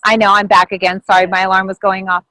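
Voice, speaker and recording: A woman telling a personal story on a video call, lively and animated, acting out what others said with big jumps in pitch. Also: quick pace, poor audio. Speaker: group member sharing a story.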